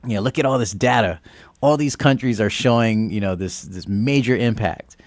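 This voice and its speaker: A man with a low voice hosts a radio talk show, recounting events in a relaxed, conversational way. He laughs easily and slips into the voices of the people in his story. The sound is dry and close, as in a small studio. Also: normal speed, dry recording. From Guam. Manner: animated, acts out quoted exchanges, laughs often. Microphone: studio microphone.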